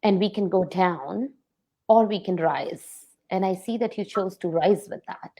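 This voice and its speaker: Empathetic low-voiced woman host. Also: measured pace, warm tone. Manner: empathetic, affirming. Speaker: podcast host. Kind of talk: interview conversation.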